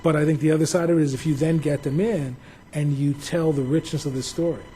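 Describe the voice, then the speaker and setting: A man's voice: on the high side, fairly even intonation, quick pace, dark tone, a little hiss or hum, rough recording. A man from New Jersey, a museum director, giving a public talk full of anecdotal, reflective storytelling.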